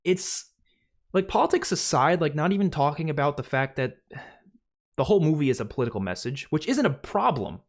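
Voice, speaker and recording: A young man with a slightly higher voice hosts a livestream and rants in a loose, casual way. He sounds exasperated, leans on "like" constantly and keeps restarting his sentences. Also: very animated, fairly quick. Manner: heavy use of "like", exasperated, restarts often. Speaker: livestream host. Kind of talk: casual ranting commentary.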